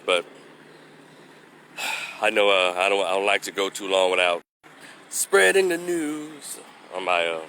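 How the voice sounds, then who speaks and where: A man's voice: sits low, bright, forceful tone, a little hiss or hum. A man doing a casual live vlog outdoors, talking into a phone while getting over a cold, rambling and losing his train of thought. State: recovering from a cold, slightly stuffy. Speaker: vlogger giving opinions. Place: outdoors walking past a construction site.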